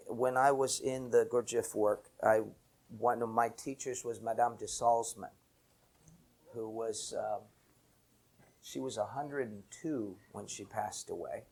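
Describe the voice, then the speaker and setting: A man's voice: fairly low pitch, breathy edge. A man, an enneagram teacher, telling a reflective story with bursts of laughter. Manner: animated anecdote with laughter.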